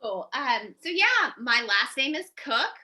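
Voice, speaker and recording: A woman's voice: high voice, very animated, unhurried, bright, forceful tone. A woman doing a chatty, self-mocking stand-up comedy set, giggling between jokes. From Chicago, USA. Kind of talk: stand-up set on a video call.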